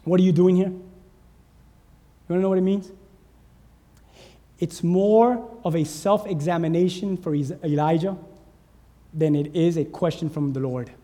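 A man's voice: on the high side, measured pace, long pauses, mellow, big-room sound. A male pastor preaching a sermon, urging his congregation with fervent call-and-response.

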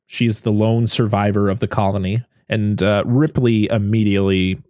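A man's voice: on the low side, fairly even intonation, normal speed, warm tone, no echo, clean studio sound. A man casually recapping a film on a podcast, laughing often and acting out the characters' lines. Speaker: podcast co-host. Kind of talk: casual movie recap chat.

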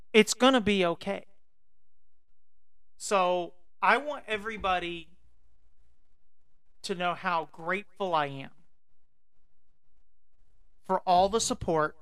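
Brassy, playful and self-assured, a woman co-hosts a podcast in casual chat, speaking into a studio microphone. Her voice sits fairly low with a clean tone, and the recording is dry.

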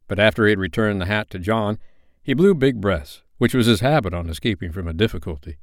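A man reading a classic novel aloud as a bedtime story in an expressive, animated way. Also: fairly low pitch, fairly quick, no room sound, clean studio sound.

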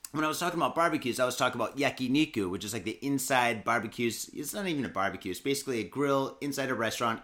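A man's voice: mid-range voice, sharp tone. Rambling, foul-mouthed man on a podcast. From Michigan, USA. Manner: profane, rambling, heavy cursing and filler. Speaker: podcast co-host. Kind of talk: casual podcast monologue.

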